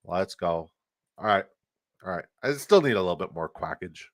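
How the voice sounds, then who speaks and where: Lower-pitched man hyping a live stream. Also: animated, normal speed, a bit bright. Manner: profane, hyped, reads and answers chat. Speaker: fantasy football streamer. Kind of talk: casual live stream chat.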